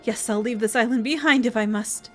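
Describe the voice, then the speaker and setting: A woman's voice: on the high side, a little fast, faint music behind, pitched above the performer's own voice, close to an everyday voice. A woman voicing an anxious, indignant young villager in a fantasy game, speaking in an agitated, fretful way.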